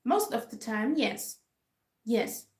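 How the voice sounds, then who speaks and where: A woman's voice: on the high side, very animated, takes it slowly, darkish tone. Ranting woman in an echoey room. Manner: frustrated, emphatic, repetitive ranting. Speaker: K-pop vlogger. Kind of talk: casual ranting commentary. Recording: roomy echo.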